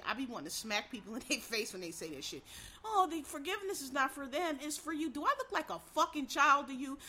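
Woman, blunt and profane, heated monologue to viewers, high and very bright voice. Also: husky.

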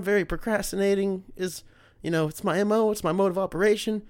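A young man talks through a loose solo show. He rambles, swears freely and leans on sarcasm, and his voice sits a little higher than most men's. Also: a little fast, a little mellow, clean tone, dry recording. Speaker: podcast host. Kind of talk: casual solo commentary.

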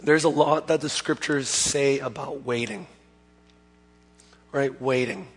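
A man preaching a conversational sermon as pastor, hoarse from having lost his voice, chatty and plain-spoken with frequent self-corrections. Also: medium pitch, slow pace, faint music behind. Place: church sanctuary. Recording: long hall reverb.

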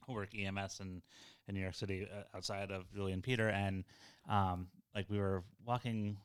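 A man's voice: sits low, little pitch movement, moderate pace, clear, resonant tone. A man hosting a casual chat who rambles and hesitates, with lots of fillers.

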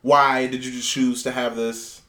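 A man's voice: mid-range voice, little pitch movement, a little slow, fairly bright tone. A man chatting as a guest on a podcast in a studio, wry and rambling. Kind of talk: casual podcast chat.

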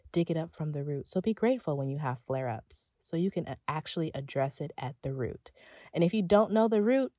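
A young woman giving a faith-based motivational talk, sassy and expressive, acting out her own inner thoughts. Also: fairly low pitch, no echo, studio quality. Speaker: faith and relationship coach.

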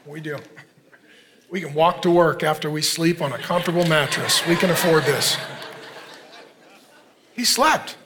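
A man in his fifties, a pastor preaching an earnest, conversational sermon with quick asides. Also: on the high side, background noise. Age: 50s.

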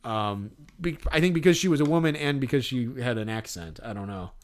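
This man, co-hosting a podcast, spins a casual story full of laughter and impressions of others. His voice sits in the mid range, with lively intonation and a slightly quick pace.

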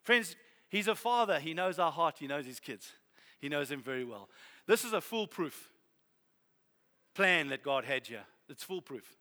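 A man preaching a sermon, animated and humorous, building to loud exhortation. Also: on the high side, moderate pace. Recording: long hall reverb.

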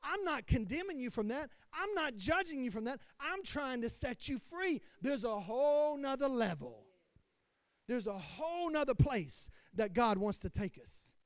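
Man, pastor, sermon, very high voice, dry sound, impassioned call-and-response. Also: sing-song, unhurried, no room sound.

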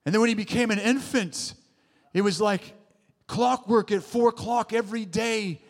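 A man's voice: sits high, normal speed, gravelly. A man preaching a sermon in a church, emphatic, with rising exclamations and call-and-response asides to the congregation. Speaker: pastor. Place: church sanctuary. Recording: long hall reverb.

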